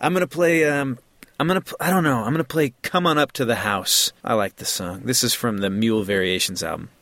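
A man's voice: mid-range voice, fairly quick, a bit bright. Chatty male music podcast host. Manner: enthusiastic, chatty, many "like"s. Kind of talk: casual chat about music.

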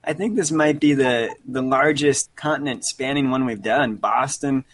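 A man's voice: medium pitch, moderate pace. A man in his thirties hosting a casual podcast chat, easygoing and talkative, often restarting his sentences. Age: 30s. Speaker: podcast host.

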